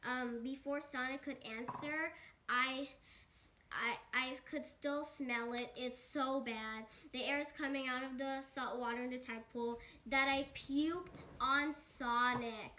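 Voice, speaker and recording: High child voice, rambling made-up story, restarts, "and then" over and over. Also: female voice, takes it slowly, bright, forceful tone, a little hiss or hum. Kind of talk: improvised kid's story.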